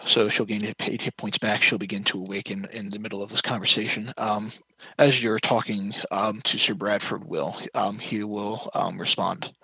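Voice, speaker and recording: Bright, husky-voiced man running a tabletop game. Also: on the low side, fairly even intonation, no room sound, poor audio. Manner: halting, with many fillers. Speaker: dungeon master.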